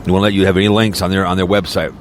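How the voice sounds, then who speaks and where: A man's voice: sits low, little pitch movement, very fast, slight background noise. A man podcaster in a rambling, crude and mocking casual rant, talking from a car. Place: in a car, snowy weather.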